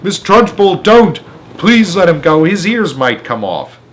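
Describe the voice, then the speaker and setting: A man's voice: high voice, moderate pace, fairly bright tone, pitched above the performer's own voice. A man voicing a kind young woman teacher who anxiously pleads, in a storybook reading. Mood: pleading.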